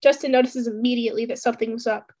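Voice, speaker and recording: A woman's voice: fairly high pitch, steady tone, racing, darkish tone, dull audio. A woman host giving a dramatic, theatrical reading of fan fiction. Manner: theatrical storytelling.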